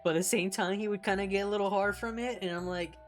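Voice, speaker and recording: A young woman from California, a streamer chatting casually while reading along, blunt and profane and quick to laugh. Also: medium pitch, fairly even intonation, faint music behind. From California, United States.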